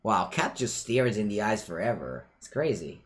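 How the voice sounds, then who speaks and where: A man's voice: on the low side, big pitch swings, normal speed. A man, chatting playfully through casual commentary while playing a digital card game. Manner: chatty and playful, breaking off to talk to his cat. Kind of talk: casual live-play commentary.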